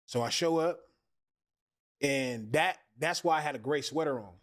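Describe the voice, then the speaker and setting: A man, an actor, telling stories casually in a podcast interview, animated and slangy, acting out what people said. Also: fairly high pitch, normal speed. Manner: animated, slangy, acts out quotes. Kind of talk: casual storytelling.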